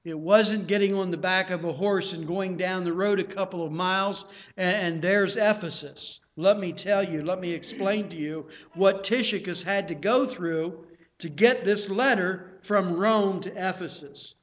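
A man's voice: high voice, unhurried, fairly bright tone, muffled recording. A man preaching a sermon in a plain, earnest teaching manner, often repeating himself.

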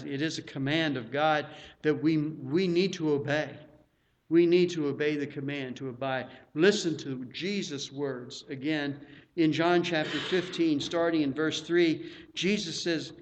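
A man's voice: on the high side, muffled recording. A man preaching a sermon as pastor, emphatic and repeating words for stress.

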